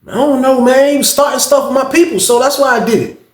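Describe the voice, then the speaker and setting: Dude putting on a young inmate guy, high pitched and loud, defensive, echoey. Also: steady tone, quick pace. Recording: roomy echo.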